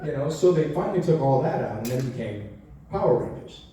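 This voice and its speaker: A man in his forties, medium in pitch and quick in pace, is an actor answering fan questions as a convention panel guest. He tells stories animatedly, acting out quotes and laughing a lot. The sound comes from far off in a large hall, echoey with a little faint noise.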